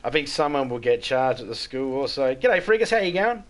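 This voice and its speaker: A man's voice: mid-range voice, sing-song, a little fast. A middle-aged Australian man chatting bluntly with viewers on a live game stream, swearing freely and stumbling over restarts. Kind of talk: casual live-stream chat.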